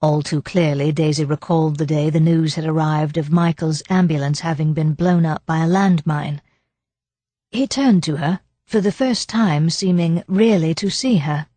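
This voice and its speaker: A woman reads a mystery audiobook in a measured, expressive style. Her voice is low-pitched and husky, and the recording sounds close and dry with no room echo. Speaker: audiobook narrator. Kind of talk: scripted narration.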